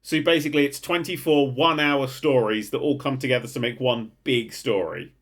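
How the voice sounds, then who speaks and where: A man's voice: mid-range voice, fairly quick. A young man hosting a casual podcast, rambling and swearing with frequent laughter. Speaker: podcast host. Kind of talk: casual chat.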